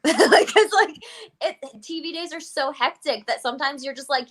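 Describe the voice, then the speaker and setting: A young adult woman chatting as a guest, telling an animated story full of "I was like" and laughs. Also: high-pitched, moderate pace. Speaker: guest wrestler. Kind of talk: casual chat, storytelling.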